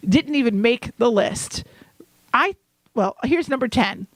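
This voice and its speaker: A woman co-hosting a casual podcast chat, animated and teasing, often laughing. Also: a little high, slow pace, no echo. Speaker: podcast co-host.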